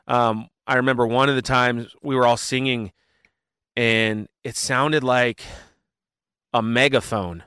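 A man talking casually in an interview, animated and full of fillers as he tells his story. His voice is smooth and resonant, at a middle pitch, and the recording is dry and close. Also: no room sound. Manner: animated storyteller with many fillers and quick asides. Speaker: worship pastor, guest.

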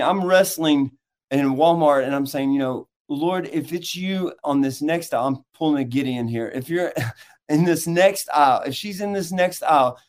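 Minister guy on a podcast, earnest preachy tone, a bit high voiced. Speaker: guest minister and author. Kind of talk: interview answers with teaching.

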